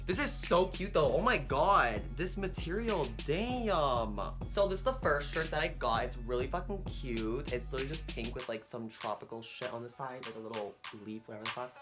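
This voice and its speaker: A man's voice: fairly high pitch, normal speed, few pauses. Hyper, foul-mouthed young man vlogging. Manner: hyper, excitable and heavily profane. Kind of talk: casual unboxing vlog. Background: music.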